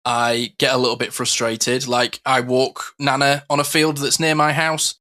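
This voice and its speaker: A man's voice: mid-range voice, level tone, normal speed, bright, forceful tone. A man co-hosting a podcast, chatting casually and acting out the exchanges he describes. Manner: chatty, acts out quoted exchanges, frequent fillers. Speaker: podcast co-host.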